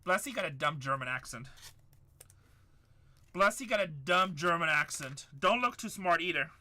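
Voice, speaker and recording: A man's voice: on the high side, expressive, normal speed. A middle-aged man hosting a live card break, hyping up the chat and repeating his calls. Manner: hyped, shouts up to the chat, repeats lines.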